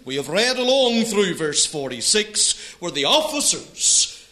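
Guy preaching a sermon, bright voice, swoops up and down, reads old scripture out. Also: high-pitched, unhurried. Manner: expressive, rising and falling preaching delivery; reads scripture aloud in old biblical wording.

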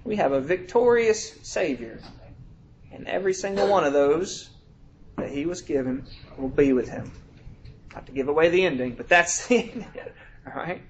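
High-voiced preacher drawing out scripture. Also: male voice, lively intonation, a little hiss or hum. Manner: reads scripture aloud in slow, drawn-out emphasis; conversational, checks in with "all right?". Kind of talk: sermon.

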